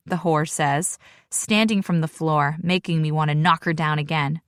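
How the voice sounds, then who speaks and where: A woman narrating a first-person romance audiobook with a sassy, expressive delivery. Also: deep voice, moderate pace, no echo, studio quality.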